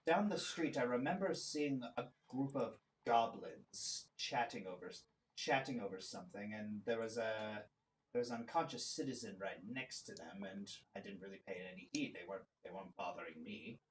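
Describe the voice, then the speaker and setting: A man voicing a secretive male tavern keeper who talks in a hushed, confiding way. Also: fairly low pitch, animated, moderate pace, slight background noise, pitched below the performer's own voice, close to an everyday voice.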